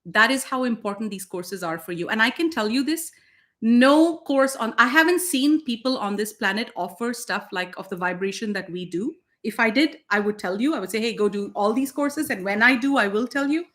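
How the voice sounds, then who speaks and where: A woman's voice: on the high side, expressive, normal speed, fairly bright tone. A woman spiritual teacher co-hosting a casual talk, emphatic and blunt, swearing freely.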